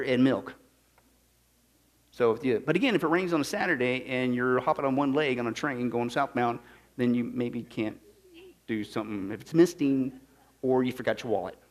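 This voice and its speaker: A man teaching from the Bible in a sermon style, sarcastic and full of rhetorical questions, often drifting into asides before returning to his point. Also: mid-range voice. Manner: digressive with restarts and asides.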